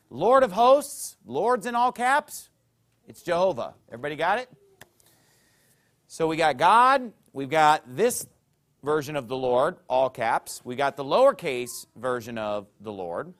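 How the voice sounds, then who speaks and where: A man with a fairly high, very animated voice preaches a teaching sermon in a church. He leans hard on key words, then drops to quiet asides, checking in with his listeners again and again. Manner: teaching with a chart, frequent "okay?" check-ins; emphatic swings between loud and soft. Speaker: pastor.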